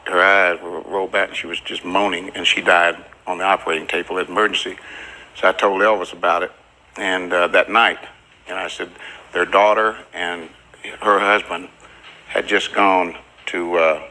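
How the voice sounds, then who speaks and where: An older man with a drawl recalls past events for a documentary interview. His voice is bright and sits a little low, and he slips into the voices of the people he quotes. The telling is plain and unhurried. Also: flat delivery, poor audio.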